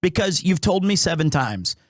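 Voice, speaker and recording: A man with a notably high voice talks casually on a live stream. He jokes with his viewers and rambles, often stopping and restarting his sentences. The sound is dry and close, with no room echo. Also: very animated, moderate pace. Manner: rambling, full of restarts and self-corrections; joking and playful with chat.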